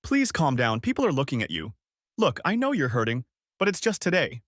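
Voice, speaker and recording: A man voicing a calm, soft-spoken woman friend. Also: medium pitch, a little fast, no echo, clean studio sound, pitched above the performer's own voice. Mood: soothing. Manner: soft but firm, soothing. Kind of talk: audiobook character voice.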